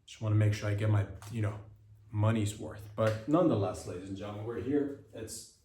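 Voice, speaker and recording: A man hosting a solo comedic podcast monologue, rambling and repeating himself with lots of fillers, jumping into animated mock quotes. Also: fairly low pitch, brisk, a little hiss or hum. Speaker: podcast host. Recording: echoey room.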